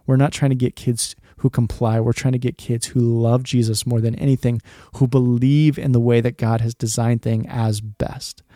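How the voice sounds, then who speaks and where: A man's voice: mid-range voice, little pitch movement, normal speed, hardly any pauses, mellow, no echo, clean studio sound. A man in his thirties hosting a faith podcast for dads, talking in an earnest, rambling way and dropping "man" often. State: choked up, emotional. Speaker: podcast host. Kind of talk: heartfelt podcast monologue.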